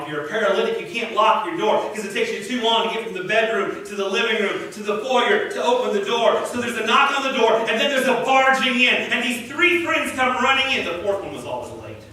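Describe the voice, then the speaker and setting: High, bright-voiced preacher in an echoey hall. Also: male voice, a little hiss or hum. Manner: dramatic storytelling, swings between loud and hushed. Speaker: pastor. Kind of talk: sermon. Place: church sanctuary. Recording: echoey church hall from far off.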